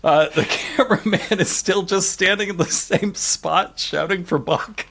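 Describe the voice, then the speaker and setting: A man's voice: high voice, a little slow, creaky, fairly bright tone. A man co-hosting a comedy podcast, recapping a show in casual chat with wry exasperation and little acted-out quotes. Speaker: podcast co-host.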